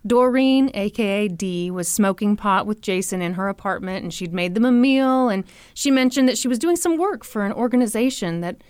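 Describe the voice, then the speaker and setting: A young woman hosting a podcast, telling a true crime story in an animated, chatty way full of "like" and "you know". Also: mid-range voice, normal speed, few pauses, smooth, no echo, clean studio sound. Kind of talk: casual storytelling chat.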